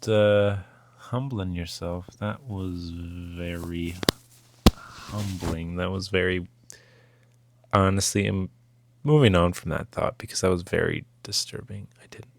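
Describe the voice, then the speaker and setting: Gravelly-voiced young man rambling. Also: low-pitched, unhurried, long pauses, dry recording. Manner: rambling, lots of fillers and restarts. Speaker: vlogger testing a lavalier mic. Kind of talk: casual rambling gear test.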